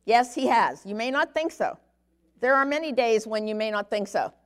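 A woman's voice: fairly high pitch, expressive, normal speed, clean tone. A middle-aged woman teaching a sermon-style Bible lesson, conversational, often checking in with her listeners. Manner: conversational teaching, frequent "okay?" check-ins.

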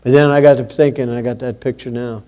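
A man preaching a sermon in a conversational way, with many pauses, growing louder and higher when he quotes scripture. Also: steady tone.

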